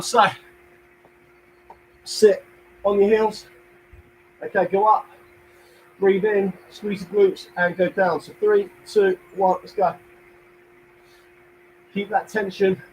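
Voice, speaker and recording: An energetic young man with a London accent coaches a home workout, his voice sitting high for a man. He counts reps, encourages viewers and drops jokey asides. A faint hum runs under the recording. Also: rough recording. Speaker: fitness instructor.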